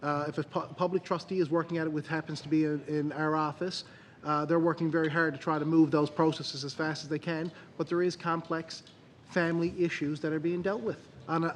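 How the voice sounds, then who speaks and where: Earnest minister with flat speech. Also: male voice, a little high, slight background noise. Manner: earnest, halting, many restarts. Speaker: government minister. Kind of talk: parliamentary committee answer.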